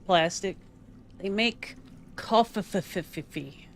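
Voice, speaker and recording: A man's voice: high voice, measured pace, bright, forceful tone, faint music behind. A male streamer chatting casually and teasing his viewers, laughing often while a game plays. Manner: playful, teasing chat with lots of laughter. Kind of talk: casual live-stream chat.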